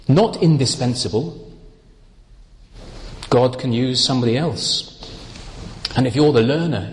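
A man preaching a sermon, explaining Bible words in a slow, deliberate, emphatic way. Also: mid-range voice, darkish tone, long reverb tail, a little hiss or hum.

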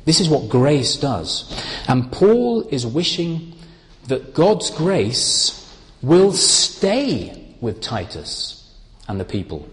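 Man, sermon, deliberate emphatic phrasing, unhurried, long hall reverb, faint background ambience. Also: mid-range voice, big pitch swings, a little hiss or hum. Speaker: preacher. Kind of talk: Bible teaching sermon.

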